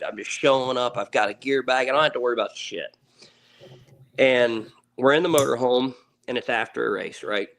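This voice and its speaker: An earnest man in his late thirties talks through a story as a podcast guest. He rambles a little, doubles back on his words and drops the odd curse without fuss. His voice sits at an ordinary pitch for a man. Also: a bit bright. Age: 30s. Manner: earnest, repeats words, swears casually. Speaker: podcast guest, ATV racer. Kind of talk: casual storytelling.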